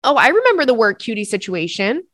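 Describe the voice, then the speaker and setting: A woman's voice: a little high, sing-song, fast, a bit bright, no room sound, studio quality. A young woman hosting a podcast, giving candid advice in a chatty, casual way with frequent swearing and asides. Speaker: podcast host.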